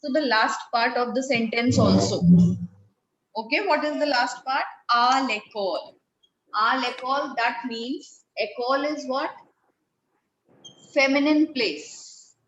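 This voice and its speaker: A woman teaches a French class, patiently questioning her pupils and calling them beta. Her voice sits a little high and rings in an echoey classroom. The recording sounds dull and lo-fi. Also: measured pace, a bit bright, a little hiss or hum. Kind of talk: classroom lesson.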